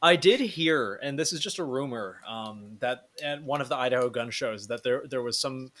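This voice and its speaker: A man's voice: medium pitch, moderate pace, a bit bright. Male podcast host, blunt and foul-mouthed in loose casual chat, with a mid-range voice. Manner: blunt, swears freely.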